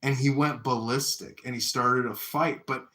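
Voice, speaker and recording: Animated American man telling a story. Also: mid-range voice, normal speed. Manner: animated, acts out yelling voices in stories. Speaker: podcast host. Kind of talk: casual storytelling.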